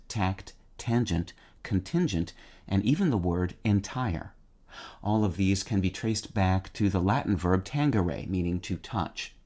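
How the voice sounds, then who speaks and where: A middle-aged man hosting a word-of-the-day podcast, reading a measured, precise script and spelling words letter by letter. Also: sits low, darkish tone.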